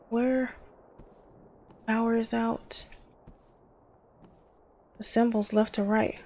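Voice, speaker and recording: A woman commentates her own horror let's play, jumpy and exclaiming as she talks to herself and her viewers. Her mid-range voice is level and darkish, with a measured pace and long pauses.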